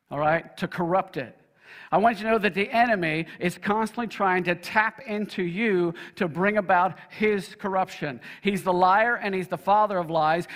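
A man's voice: high voice, fairly bright tone, in a large hall. An older man, a pastor, preaching an emphatic sermon and leading his congregation in call-and-response. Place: church sanctuary.

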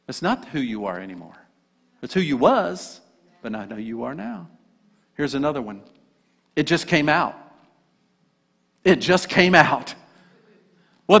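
A man's voice: on the high side, bright, forceful tone. A male pastor preaching a sermon in an earnest, emphatic way. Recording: echoey hall.

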